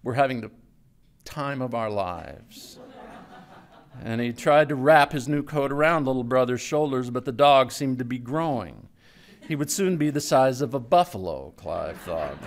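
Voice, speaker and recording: A man giving a live literary reading of a story, in a measured storytelling manner that drops low and quiet for tense moments. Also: expressive. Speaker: writer reading his own story. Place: stage before a live audience.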